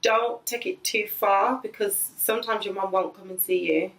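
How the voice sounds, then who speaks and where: A woman's voice: mid-range voice, steady tone, moderate pace, vocal fry, a bit bright, recorded from a distance. A young adult woman hosting her own video channel, chatty and upbeat in a casual talk with her mother. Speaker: video host. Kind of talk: casual family conversation. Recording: echoey room, voice a bit off-mic.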